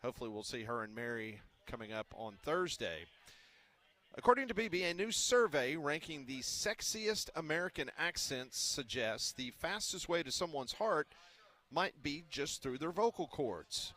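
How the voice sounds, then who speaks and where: A man hosting a live sports radio show, reading out listener questions in a brisk announcer manner. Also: on the high side, sing-song, pushed and bright. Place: live broadcast from a restaurant.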